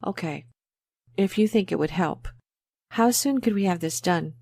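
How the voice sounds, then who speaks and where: A chatty, anxious dog owner in an exam listening recording. She talks in a low-pitched voice over a dry studio sound with no room around it. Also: normal speed, gravelly, darkish tone, no echo. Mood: talkative worried. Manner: chatty, fretful, a little embarrassed. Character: worried woman dog owner. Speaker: pet owner in a scripted exam dialogue. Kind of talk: scripted exam role-play.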